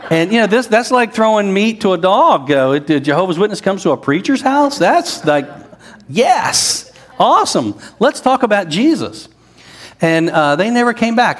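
A middle-aged man preaching a sermon, conversational with asides, building to strong emphasis. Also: a little high. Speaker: pastor.

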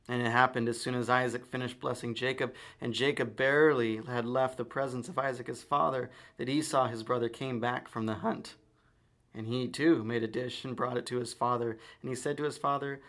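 A man reading scripture aloud in a measured, solemn manner. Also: mid-range voice, fairly even intonation, a bit bright. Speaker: reader.

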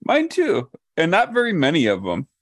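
A man co-hosting a podcast, prompting his partner with quick questions in casual chat. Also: fairly high pitch, wildly swooping pitch. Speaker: podcast co-host.

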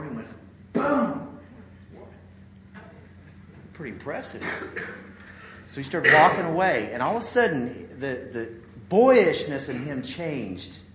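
A man's voice: medium pitch, roomy sound, background noise. A man, preaching a sermon, telling stories and asking his listeners questions. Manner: storytelling, acts out quotes, asks the audience questions.

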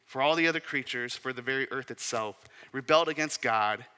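A man's voice: mid-range voice, brisk, pushed and bright, clean tone. A man in his thirties preaching a sermon as a pastor, conversational, with asides and rhetorical questions. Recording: reverberant hall.

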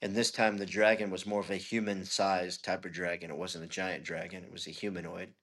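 A man's voice: low voice, level tone, brisk, fairly bright tone. A middle-aged man, a pastor, telling a personal testimony in an interview in an earnest, conversational way. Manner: earnest, conversational storytelling with frequent "you know".

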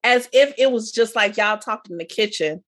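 A woman's voice: on the high side, moderate pace, a bit bright. A woman co-hosting a casual recap podcast, blunt and laid-back, swearing freely. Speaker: podcast co-host.

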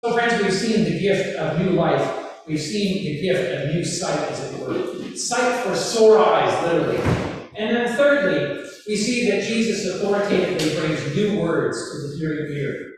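A man's voice: fairly high pitch, lively intonation, unhurried, a little hiss or hum. A man preaching a sermon as pastor, talking conversationally with rhetorical questions and asides. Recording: echoey hall from far off.

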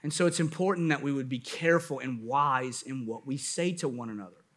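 A man's voice: mid-range voice, a little fast, a bit bright. A man pastor preaching a sermon at a church service, with rising bursts of emphasis and playful asides.

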